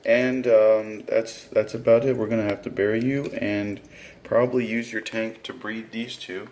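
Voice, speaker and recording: A man's voice: on the low side, fairly even intonation, normal speed, darkish tone. A young man vlogging casually to camera in a home room full of aquarium tanks, chatty and jokey, often calling his viewers guys.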